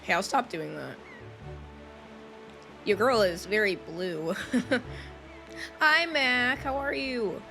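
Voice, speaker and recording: A woman's voice: on the high side, animated, extremely slow, creaky, long pauses, sharp tone, faint music behind. Chatty woman streamer, laughs a lot. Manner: chatty, greets viewers, laughs often. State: recovering from a lost voice. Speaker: streamer playing a game. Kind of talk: casual live-stream chat.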